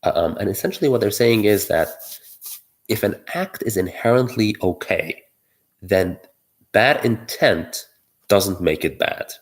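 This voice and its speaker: A man's voice: lowish voice, lively intonation, moderate pace, a little mellow. A man giving solo political commentary, arguing his point while thinking aloud, with many fillers and restarts.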